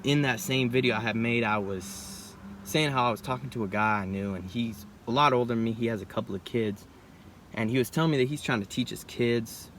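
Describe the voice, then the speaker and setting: In a casual reflective monologue, a young male vlogger muses aloud loosely and ramblingly, frequently dropping "bro" and "right?" along the way. His pitch is ordinary and mid-range, and a faint hiss sits beneath the audio.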